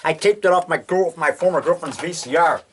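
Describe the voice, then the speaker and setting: A man in his sixties talks at home with a voice sitting a little high for a man. He rambles casually from item to item, leaning on "you know" and "man" as he goes. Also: a little fast, fairly bright tone, slight background noise. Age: 60s. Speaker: filmmaker showing his collection. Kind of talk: casual show-and-tell monologue.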